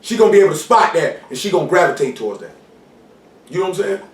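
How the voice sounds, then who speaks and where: A man preaching an informal sermon in street slang, often asking "you know what I'm saying" and shouting for emphasis. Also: sits high, sing-song, very fast. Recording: roomy hall, mic far off, faint noise.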